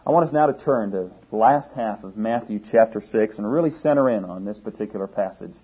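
A man's voice: lowish voice, brisk, husky. A man preaching a sermon in an earnest, emphatic way, stressing key words and sometimes restarting a phrase. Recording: dull lo-fi sermon recording.

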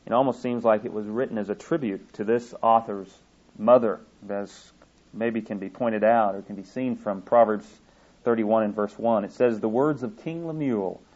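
A man preaching a Mother's Day style sermon to a congregation in an earnest, folksy way, often pausing with fillers and restarting his sentences. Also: on the low side, darkish tone, muffled recording. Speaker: pastor.

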